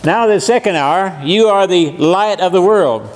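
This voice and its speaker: An older man in his seventies preaches a seminar lesson in a church. His voice sits high for a man, and he talks in a folksy, joking way, throwing questions out to the listeners. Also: measured pace. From USA. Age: 70s. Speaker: guest preacher. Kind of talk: seminar sermon. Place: church meeting room.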